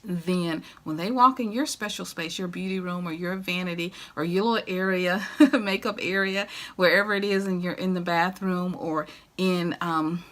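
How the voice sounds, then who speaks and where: A woman's voice: on the low side, moderate pace. A middle-aged woman, chatting to camera in a home decor vlog, gushing and laughing often. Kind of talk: casual chat to camera.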